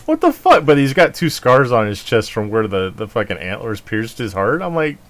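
A man's voice: on the low side, lively intonation, moderate pace, fairly bright tone. A man hosting a podcast, chatting casually and ranting with lots of swearing and mocking outbursts. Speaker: podcast host. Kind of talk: casual chat.

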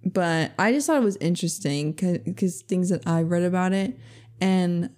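A woman's voice: lowish voice, normal speed, a little mellow. A woman co-hosting a podcast, chatting casually, laughing often and saying "like" a lot. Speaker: podcast co-host. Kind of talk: casual chat.

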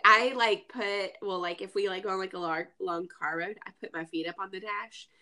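A woman's voice: mid-range voice, fairly even intonation, normal speed, pushed and bright. A woman with a Southern US accent, co-hosting a podcast in casual, joking chat full of fillers, a little stuffy from her sinuses. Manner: chatty, joking, many fillers. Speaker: podcast co-host.

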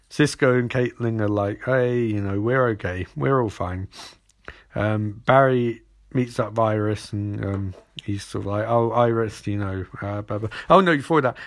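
A man's voice: mid-range voice, fairly bright tone. Sarcastic rambling man recapping a show. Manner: sarcastic, rambling, acts out characters' lines. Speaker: TV episode recapper. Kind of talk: casual recap commentary.

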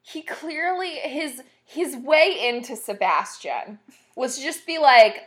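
A woman's voice: high-pitched, animated, takes it slowly. A young woman co-hosting a podcast in casual chat, chatty with lots of fillers and frequent laughs. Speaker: podcast co-host.

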